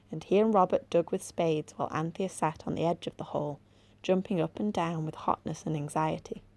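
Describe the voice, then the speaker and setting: An English woman reads a children's storybook aloud in a gentle, measured way. Her voice is low and carries a gravelly texture. The tone is warm and mellow. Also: no room sound. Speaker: library assistant.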